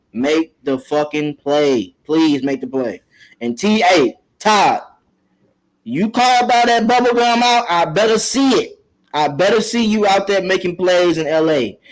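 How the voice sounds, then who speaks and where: A man's voice: on the high side, rough recording. A man co-hosting a casual sports chat, emphatic and pleading as he talks. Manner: emphatic, pleading, says bro a lot. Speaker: co-host.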